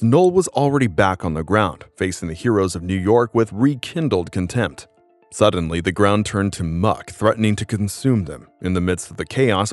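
A man with a fairly low voice telling a comic book story in a dramatic, scripted way. Light music plays quietly under his narration. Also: dry recording.

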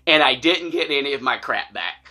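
A man telling a funny personal story to camera, animated and laughing as he acts out the voices. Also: medium pitch, moderate pace. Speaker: storytelling vlogger.

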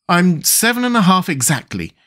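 Polite little girl read by a man, gentle and raised in pitch, lively, audiobook. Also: normal speed, exaggerated voice. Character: polite, curious seven-year-old girl. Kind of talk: audiobook character voice.

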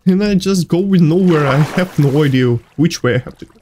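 High-pitched guy, slow and jumpy, freaking out at a horror game. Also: a little hiss or hum. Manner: excitable, yelps and laughs, non-native phrasing. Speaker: gaming YouTuber. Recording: faint music behind.

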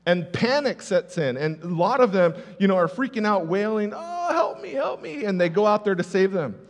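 A man's voice: sits high, fairly quick. A male pastor giving a conversational sermon with personal stories, stressing key words by repeating them. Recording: reverberant hall.

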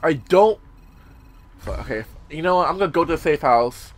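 A young man casually commentating a horror game, rambling with many fillers, swearing, and sometimes yelling. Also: on the high side, animated, normal speed. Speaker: gameplay commentator. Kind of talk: casual let's-play commentary.

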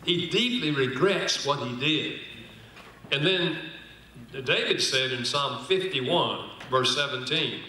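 A man gives a folksy church seminar talk with dry humor, drawing out the words he wants to land. His voice is strikingly bright and forward. The sound bounces around a large, very echoey hall. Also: medium pitch. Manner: folksy, humorous, slows down to stress points. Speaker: speaker on marriage and apology.

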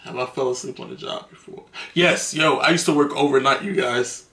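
A man's voice: mid-range voice, fairly quick, bright, forceful tone. A man telling stories to the camera in a casual, slangy, profane way, laughing between them. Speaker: vlogger. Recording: roomy echo.

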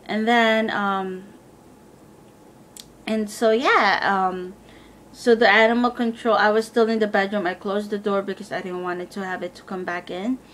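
A young woman tells a personal story in a loose, rambling way, full of fillers and quoted back-and-forth. Her pitch sits in an ordinary middle range. A faint low rumble hums under the recording. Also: steady tone, normal speed, fairly bright tone. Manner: rambling, filler-heavy retelling with quoted dialogue. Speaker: vlogger. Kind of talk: casual storytelling.

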